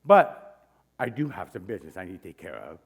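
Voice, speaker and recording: Storyteller putting on a sassy, doting flamboyant man, dropped low, lively swoops, drawn-out endearments. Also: breathy edge, exaggerated voice. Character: flamboyant, doting, sassy grown man who calls everyone honey.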